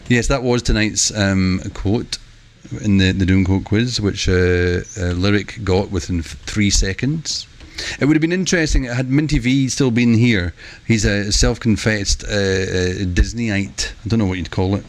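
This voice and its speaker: Chatty low-voiced man streaming a game. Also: unhurried. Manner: chatty, excitable exclamations. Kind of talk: live gameplay commentary.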